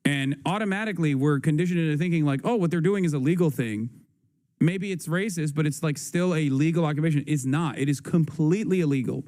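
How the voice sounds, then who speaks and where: A man's voice: on the high side, brisk, a little mellow. A man hosting a livestream, talking in an emphatic, profane way and repeating his points. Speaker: livestream host. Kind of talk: casual livestream commentary.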